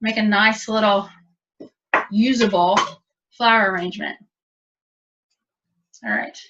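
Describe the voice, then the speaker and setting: A woman's voice: mid-range voice, fairly even intonation, slow, noisy background. A woman teaching a cooking demonstration, chatty and explaining step by step. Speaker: cooking instructor. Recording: dull lo-fi audio from a distance.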